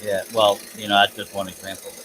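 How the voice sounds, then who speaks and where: Talking casually as he works, this live-stream host and artist keeps making self-deprecating jokes and laughing softly. His voice sits fairly low but sounds rather bright, level, and brisk. The low-quality recording carries slight background noise.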